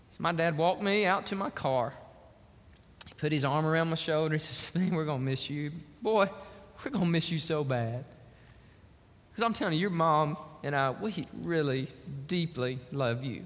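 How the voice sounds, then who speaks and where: A male pastor delivers a sermon in a high, bright voice. His pitch swings widely as he builds toward near-shouts. The sound carries the long reverb of a large church hall. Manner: animated preaching, rising to near-shouts.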